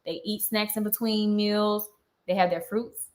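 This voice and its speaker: A young woman vlogger ranting heatedly on a live stream, indignant and fast-talking, with features. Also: medium pitch, fairly even intonation.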